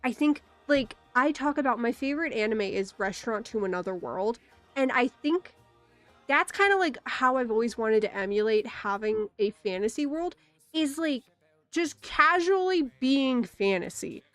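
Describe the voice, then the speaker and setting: A woman livestreamer chatting casually with her viewers, rambling with quick asides, giggles and playful exclamations. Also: on the high side, animated, fairly bright tone, no room sound, soft background music. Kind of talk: casual rambling stream chat.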